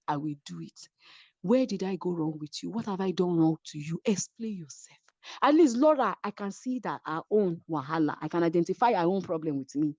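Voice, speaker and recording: A woman with a Nigerian accent, telling a story with lively energy in an interview over a video call, acting out what others said. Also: medium pitch, dry recording, muffled recording. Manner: acts out other people's voices while retelling. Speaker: reality show cast member, guest.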